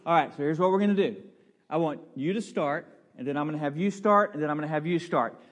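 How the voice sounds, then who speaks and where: Man, pastor, sermon, high voice, coaxing the congregation, big church echo. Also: fast talker. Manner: playful, coaxing the congregation, building to loud bursts. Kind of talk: sermon with audience participation. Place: large church sanctuary. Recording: long hall reverb.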